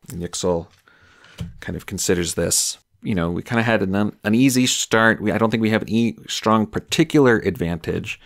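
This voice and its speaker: Male game master, very low gravelly voice, loose musing narration. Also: moderate pace. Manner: musing, loose, many fillers like "like". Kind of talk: narrating a solo tabletop game.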